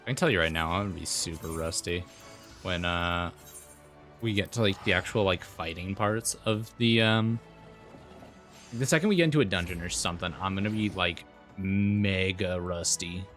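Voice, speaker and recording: A male streamer chats casually while playing a game live, rambling along with plenty of filler words. His voice sits on the low side. Faint music plays in the background. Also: normal speed, fairly bright tone. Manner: rambling, filler-heavy talk.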